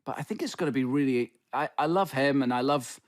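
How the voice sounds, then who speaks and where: A man's voice: medium pitch, a little fast. A man in his fifties with a Scottish accent, telling a story as a guest in a casual, self-deprecating way. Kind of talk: casual conversation.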